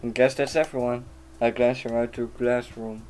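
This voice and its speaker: A man's voice: mid-range voice, little pitch movement, normal speed, a little mellow, soft background music, lightly acted. A man reading a nervous, self-doubting teenage boy's narration aloud in a plain, subdued voice. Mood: uneasy.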